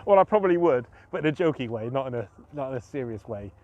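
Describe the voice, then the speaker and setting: A man's voice: mid-range voice, lo-fi sound. A man chatting casually on his fishing live stream as host, self-mocking and full of fillers and restarts.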